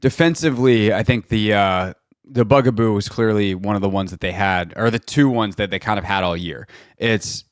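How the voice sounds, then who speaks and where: A man with a fairly low voice hosts a sports talk show and walks through game footage in loose, rambling chat. He keeps restarting his sentences and filling gaps with "um" and "like". The sound is dry and close, with no room in it. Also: normal speed, no echo. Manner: chatty, many fillers and restarts. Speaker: sports radio host. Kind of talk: casual football film breakdown.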